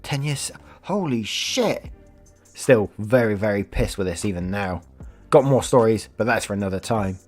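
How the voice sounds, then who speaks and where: A man reading online stories aloud and reacting with animated asides, with faint music behind. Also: on the low side, normal speed. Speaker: story reader.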